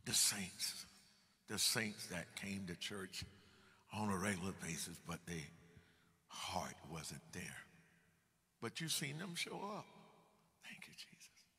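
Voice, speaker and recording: A man preaching a dramatic sermon in a church, swinging between loud and hushed and punctuating his points with hallelujahs. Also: low voice, lively intonation, slow pace, pauses often, big-room sound.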